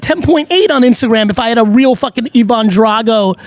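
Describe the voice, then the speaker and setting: A middle-aged man, hosting a casual advice talk in a blunt, animated, profane way. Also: very high voice, brisk, few pauses, no room sound. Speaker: host.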